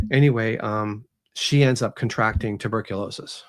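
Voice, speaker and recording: A man, an author who is a guest on an interview show, retells his story in an easy, conversational way. He tells it with animated energy and slips into voices for the characters as he goes. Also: medium pitch, moderate pace, gravelly.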